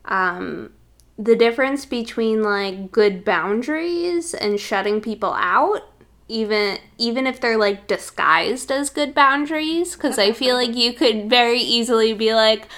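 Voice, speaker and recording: A woman's voice: fairly high pitch, measured pace, a bit bright. A woman co-hosting a casual spiritual chat, reflective and filler-heavy, laughing readily. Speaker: podcast co-host.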